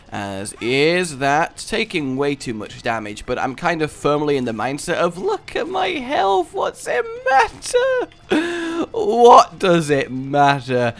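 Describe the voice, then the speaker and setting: A man's voice: medium pitch, a bit bright. A young man giving casual gameplay commentary as a video host, rambling playfully through silly tangents. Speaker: let's play host.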